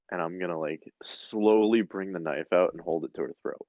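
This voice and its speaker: A man's voice: low voice, fairly even intonation, normal speed, no echo, lo-fi sound. A man playing a tabletop game, describing his character's actions casually. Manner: mock-menacing interrogator in character. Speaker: player. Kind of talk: tabletop role-play.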